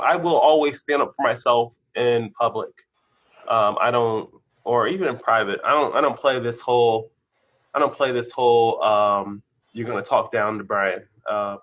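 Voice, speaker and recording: A senior engineer appears as a podcast guest, sharing candid stories from his career in a conversational interview. He's an animated storyteller whose voice jumps up in bursts of excitement and sinks low when he turns reflective. The audio sounds dull.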